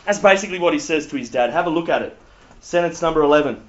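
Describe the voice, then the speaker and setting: Aussie guy preaching, lively and jokey, kinda high voice, dull lo-fi sound. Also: fast. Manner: animated, humorous storytelling. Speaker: pastor. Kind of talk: sermon.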